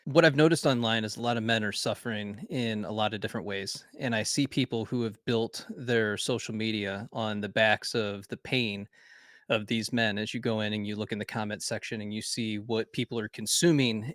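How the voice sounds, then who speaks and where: A man hosting a podcast, asking long interview questions in a measured, earnest way. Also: lowish voice, fairly even intonation, a bit bright, dry recording, clean studio sound. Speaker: podcast host.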